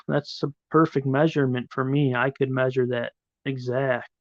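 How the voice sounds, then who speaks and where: A man's voice: mid-range voice, flat delivery, moderate pace, dry recording, highs cut off. A middle-aged man hosting a livestream, chatting casually with viewers in a rambling, profane way. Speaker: livestream host. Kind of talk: casual live chat, answering viewers.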